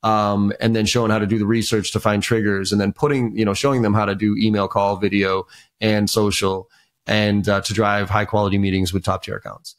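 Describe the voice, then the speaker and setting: A sales trainer is a guest on a casual podcast, telling stories with energy and lots of fillers and restarts. He has a lowish voice and speaks a little fast.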